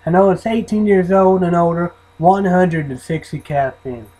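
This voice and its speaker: A man's voice: high-pitched, moderate pace, mellow, rough recording. A man rambling and swearing in a casual vlog, often trailing off into mumbles. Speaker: vlogger reviewing an energy drink.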